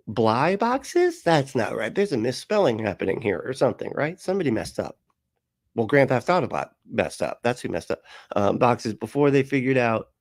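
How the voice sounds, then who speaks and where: A man's voice: mid-range voice, no echo, clean studio sound. A man hosting a live stream, reading chat aloud in a casual, rambling way, often laughing, swearing and sounding puzzled.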